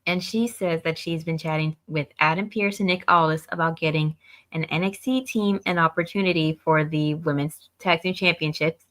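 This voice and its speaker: A woman co-hosting a casual podcast, recapping events in a brisk, matter-of-fact way. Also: sits low, steady tone, fairly bright tone. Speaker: co-host of a wrestling review show.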